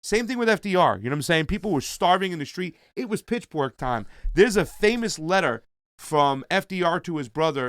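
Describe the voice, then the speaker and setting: A man's voice: sits high, animated, a little fast, fairly bright tone, no echo, studio quality. A man in his forties co-hosting a casual political chat show, profane and jokey, riffing on viewer comments. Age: 40s. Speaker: co-host.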